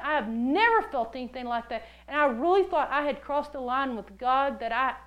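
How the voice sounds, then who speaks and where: Delivering a sermon, a woman shares a personal story with animated energy, performing the voices of the people she quotes. Her voice sits high.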